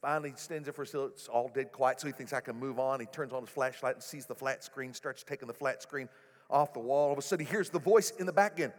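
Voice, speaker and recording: A male pastor preaching a sermon in a church, animated and building to loud exclamations. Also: mid-range voice, fast. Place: church sanctuary. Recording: echoey hall.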